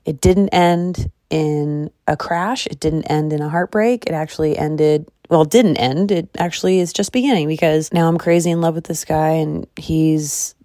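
Woman, 30s, loud, excitable, candid podcast chat, low voice, tired, dry close sound. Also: moderate pace, few pauses, no room sound. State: tired and calorie deprived. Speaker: podcast host. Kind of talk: casual personal chat. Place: car or bed at home.

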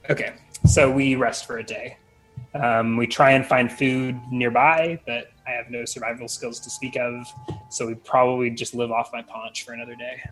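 Dude at a tabletop game, jokey, laughs a lot, mid pitch voice. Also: male voice, flat delivery, normal speed, fairly bright tone, faint music behind, low-quality recording. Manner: joking, laughs often. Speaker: player.

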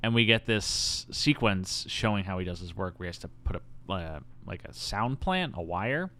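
Animated man retelling a movie plot. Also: deep voice, normal speed. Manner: animated storytelling, acts out quoted lines with silly voices; laughs often. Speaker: podcast co-host. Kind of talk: casual chat.

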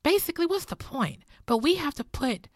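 A woman's voice: high voice, very animated, fairly quick, a little mellow, no room sound, studio quality. A middle-aged woman teaching about faith and money in an earnest, heartfelt, personal way, moving between teaching and prayer. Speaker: Christian teacher.

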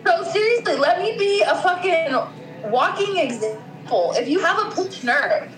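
A woman's voice: very high-pitched, big pitch swings, a little slow, roomy sound, music in the background, low-quality recording. A woman co-hosting a casual podcast chat, blunt and swearing freely. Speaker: co-host.

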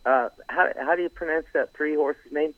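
A man talking casually as a horse racing analyst guest, halting with lots of fillers and some teasing. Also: on the high side, no echo. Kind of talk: casual phone-in chat. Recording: tinny dry phone line.

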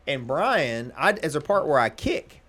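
A man in his forties, a podcast host and lawyer, chatting casually and telling stories in an animated, self-deprecating way. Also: fairly high pitch, measured pace. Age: 40s. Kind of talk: casual chat.

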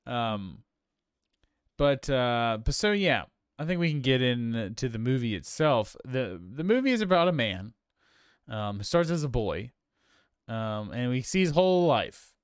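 A man's voice: mid-range voice, sing-song, unhurried, clear, resonant tone, dry recording, studio quality. A man hosting a casual film discussion podcast, rambling with lots of fillers and restarts. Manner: rambling, many fillers and restarts, laughs easily. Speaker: podcast host.

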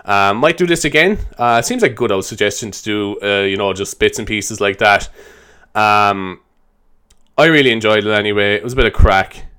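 Rambling, swearing Irish podcast host. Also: male voice, lowish voice, moderate pace, sharp tone, clean tone. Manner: rambling, swearing, self-mocking. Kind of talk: solo comedy improv podcast.

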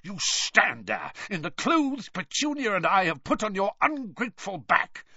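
A man's voice: sits high, sing-song, unhurried, sharp tone, breathy edge, no echo, voice pushed up, exaggerated voice. A man voicing a stout, bad-tempered middle-aged uncle who growls and hisses his blustering, outraged lines. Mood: angry. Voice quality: growling, hissing. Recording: dry, slightly dull recording.

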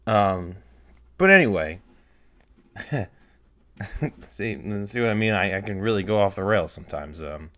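A young man hosting a solo podcast, rambling in casual chat and getting heated, sometimes close to yelling. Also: on the low side, expressive, normal speed, no room sound. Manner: rambling, heated, rises to near-yelling when retelling anger. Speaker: podcast host.

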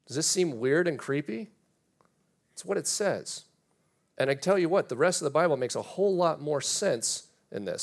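A man's voice: fairly high pitch, gravelly. A man preaching a sermon in a church, reading scripture aloud and asking his congregation rhetorical questions. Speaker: pastor.

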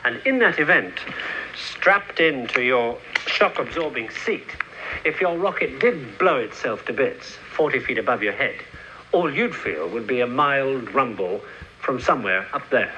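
A man giving a measured explanation as a guide in an archival documentary clip. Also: medium pitch, animated. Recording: muffled old archival clip with hiss.

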